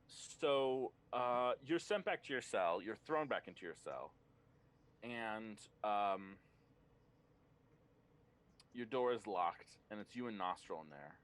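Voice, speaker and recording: A man narrating a tabletop game as game master, often pausing on ums and uhs. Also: fairly low pitch, expressive. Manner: hesitant, many ums and uhs.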